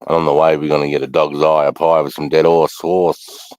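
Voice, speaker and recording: A man's voice: rumbling low, level tone, fairly quick, darkish tone, no echo, low-quality recording. A middle-aged Australian man rambling casually to camera, swearing freely and sighing between thoughts. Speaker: vlogger.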